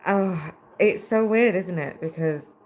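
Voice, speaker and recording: A British woman hosts a casual livestream into a laptop mic, chatting and reading viewer comments aloud while she stitches. Her voice is on the low side, slow and a little mellow.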